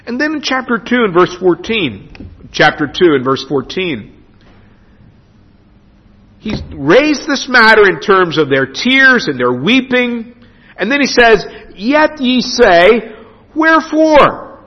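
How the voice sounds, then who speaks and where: A man preaching a sermon as pastor in a church, emphatic with dramatic pauses. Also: high-pitched, very animated, husky. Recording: dull lo-fi sound with long hall reverb.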